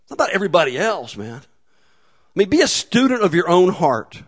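A man preaching a sermon in a relaxed, conversational way, with humor and acted asides. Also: high voice, normal speed, husky. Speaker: pastor.

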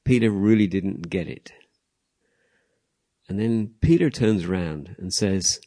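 A man with a very low, mellow voice shares a reflection at a church gathering. He talks informally, corrects himself mid-sentence and acts out the exchanges he retells. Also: slow, long pauses. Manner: chatty, self-correcting, acts out dialogue. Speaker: church member sharing a reflection.

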